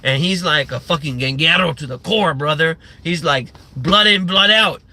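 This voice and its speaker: A man's voice: fairly high pitch, normal speed, sharp tone. A man hosting a livestream, ranting in a sarcastic, profane and rambling way, full of fillers and restarts. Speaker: livestream host.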